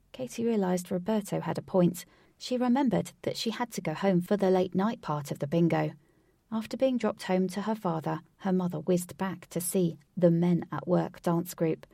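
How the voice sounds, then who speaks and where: A woman reading a story aloud in an expressive way, voicing each character. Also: lowish voice, moderate pace, gravelly, no echo, clean studio sound. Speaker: narrator.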